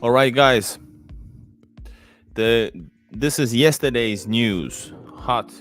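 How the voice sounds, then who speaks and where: A man's voice: medium pitch, drawn-out words, fairly bright tone, soft background music. A man, casually chatting on a livestream, rambling with many fillers and restarts, close to the mic. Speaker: livestream host. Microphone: close desk mic.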